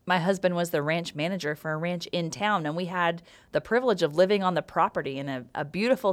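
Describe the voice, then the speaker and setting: Lower-voiced woman sharing a personal story. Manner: warm storytelling, playful humor. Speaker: podcast co-host. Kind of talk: faith podcast chat.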